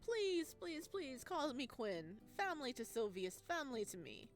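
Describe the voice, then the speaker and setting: A man's voice: very high-pitched, big pitch swings, moderate pace, faint music behind, exaggerated voice. A woman voicing a flamboyant male restaurant owner in a put-on vaguely Italian accent, grandiose and flowery. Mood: effusive.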